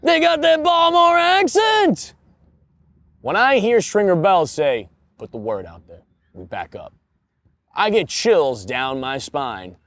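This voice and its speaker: A man putting on an overblown, drawn-out announcer voice, saluting someone in mock grandeur as a parody. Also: medium pitch, huge pitch swings, no echo. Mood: mock-heroic.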